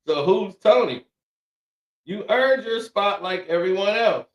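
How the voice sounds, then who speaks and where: A man's voice: high-pitched, lively intonation, measured pace, dull audio. A man doing comedic commentary, laughing often and reading quotes in mocking voices. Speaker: commentary streamer. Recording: echoey room, far from mic.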